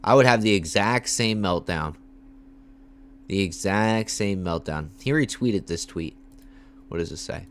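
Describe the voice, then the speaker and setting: A young man livestreaming casual commentary, talking in hyped, repetitive bursts with slang and shout-outs to viewers. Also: lowish voice, lively intonation, unhurried, long pauses, a little hiss or hum. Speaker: MMA livestreamer.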